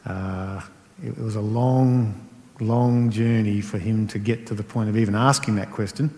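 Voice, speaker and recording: A man's voice: fairly low pitch, steady tone, moderate pace, dark tone. A middle-aged man preaching a conversational sermon, stacking repeated rhetorical phrases. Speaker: pastor. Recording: long hall reverb.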